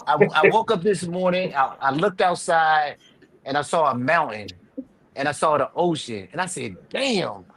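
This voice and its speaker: A man with a fairly high voice hosts a casual live panel and tells a profane story from home. His delivery is animated and jumpy, and his pitch leaps up and drops low as he acts out each moment. He sounds a little drunk. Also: normal speed, rough recording. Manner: animated, profane, swings loud and quiet while telling stories. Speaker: live show panel host.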